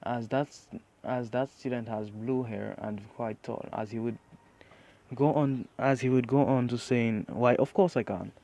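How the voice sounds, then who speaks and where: A man's voice: medium pitch, fairly even intonation, unhurried, mellow. A man narrating an improvised fan story, rambling with many restarts.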